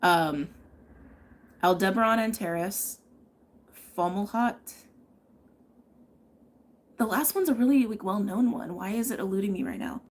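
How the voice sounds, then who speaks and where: A woman's voice: medium pitch, unhurried, long pauses. A woman giving a live tarot and astrology reading, chatting and thinking aloud, often checking in with "okay?". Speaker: tarot reader.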